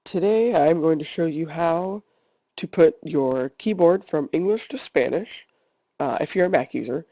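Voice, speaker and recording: A man who teaches Spanish, calmly talking his class through a screencast tutorial step by step. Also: on the high side, a little slow, creaky, dry recording. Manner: calm step-by-step instruction.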